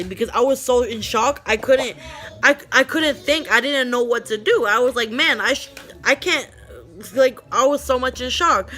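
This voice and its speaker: Young woman, vlogger, bright higher voice, casual storytelling, rambling and emotional. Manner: rambling and emotional, quotes others in a raised voice.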